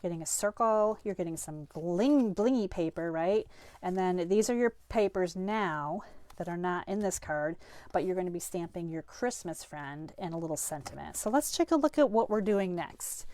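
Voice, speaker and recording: A woman's voice: fairly low pitch, animated, moderate pace, warm tone, dry recording. A middle-aged woman teaching a live card-making class, chatty and upbeat while getting over a cold and a bit sniffly. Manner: chatty, upbeat, self-deprecating. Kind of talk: live-stream craft class.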